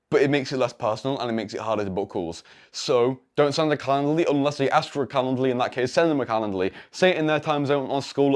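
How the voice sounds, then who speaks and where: A man's voice: medium pitch, a little mellow. A teenage man, giving a rambling, blunt screen-share tutorial on coaching, full of slang and swearing. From England. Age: teens. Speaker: online coaching creator. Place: indoor room lit by a projector.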